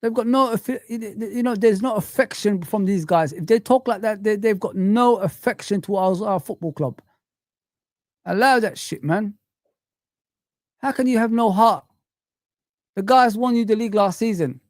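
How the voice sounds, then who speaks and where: A man's voice: high voice, normal speed, dry recording, studio quality. A man hosting a football live stream, ranting in heated street slang as he reads the chat.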